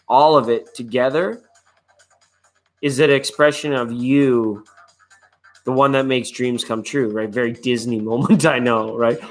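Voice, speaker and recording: A man's voice: mid-range voice, fairly bright tone. A man hosting a live online tarot reading, chatting in a laid-back, rambling way and greeting viewers by name. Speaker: tarot reader and live show host.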